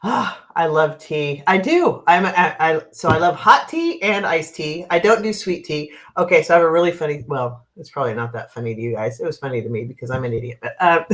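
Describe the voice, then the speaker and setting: A woman's voice: low voice, lively intonation, brisk. A middle-aged woman from Oregon, a card and dowsing reader, chatting casually on a livestream in a rambling way and laughing often. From Oregon, US West Coast.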